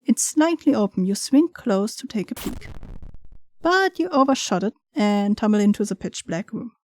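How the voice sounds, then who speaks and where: A woman's voice: mid-range voice, lively intonation, moderate pace, a little mellow, slight background noise. Giggly young woman playing a game. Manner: chatty, giggly asides. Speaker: gaming streamer. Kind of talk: game playthrough, reading on-screen text aloud.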